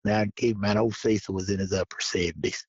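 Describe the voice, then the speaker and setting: A man's voice: fairly low pitch, steady tone, quick pace, a little mellow, slightly rough, no room sound. A man, a podcast guest telling hunting stories in a folksy, drawling way with frequent laughs. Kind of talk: casual storytelling. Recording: dull lo-fi podcast audio.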